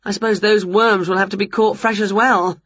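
A woman voicing an excitable, chatty, boastful witch in a storybook reading, on a dull lo-fi recording. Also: mid-range voice, a little fast, no room sound, close to an everyday voice.

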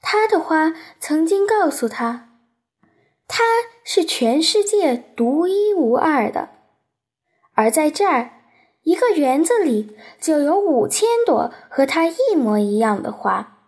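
A woman whose first language is Chinese, reading a bilingual storybook aloud. Her voice is high and lively in its rise and fall. She takes her time over every line. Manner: slow, careful, lilting reading. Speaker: audiobook reader.

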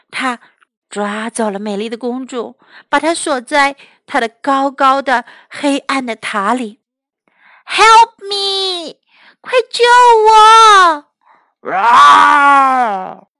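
Slow high-voiced woman storyteller. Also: dry recording. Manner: slow, clear and expressive storytelling. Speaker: English teacher. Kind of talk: bilingual children's story reading.

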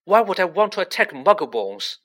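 A man's voice: a little high, lively intonation, normal speed, bright, forceful tone, voice pushed up. A man voicing an angry young teenage boy wizard who speaks in a fierce, clipped and defiant way, in a storybook reading.

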